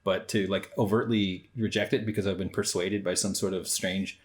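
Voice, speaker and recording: A man's voice: low voice, steady tone, normal speed. An American man co-hosting a movie podcast, joking and swearing in casual banter. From United States. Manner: joking, swears freely, puts on silly voices. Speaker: podcast co-host.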